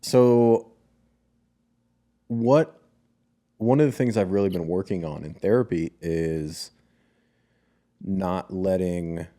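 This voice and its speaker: Low, mellow-voiced man telling a story. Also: slow, long pauses. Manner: recounts a dream, acts out family quotes, swears freely. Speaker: podcast co-host. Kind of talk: casual storytelling chat.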